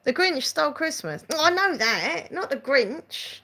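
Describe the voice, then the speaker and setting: Giggly woman with a lively voice. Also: high voice, measured pace. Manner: giggly, chatty, reads out viewer comments. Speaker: channel host chatting with live viewers. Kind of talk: casual live-stream chat.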